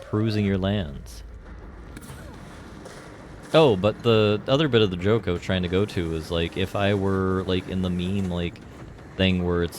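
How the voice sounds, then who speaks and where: A man with a deep, low voice talks through a game on a live stream. He rambles loosely from one joke to the next and leans on filler words as he goes. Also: slight background noise. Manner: rambling and jokey, heavy on fillers. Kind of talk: casual live gameplay commentary.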